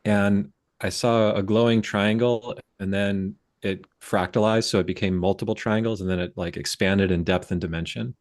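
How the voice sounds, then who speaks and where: A man on a video-call panel calmly describing what he felt, searching for words. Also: fairly low pitch, moderate pace, hardly any pauses, no echo, clean studio sound. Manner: calm, searching, with fillers. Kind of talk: reflective panel talk.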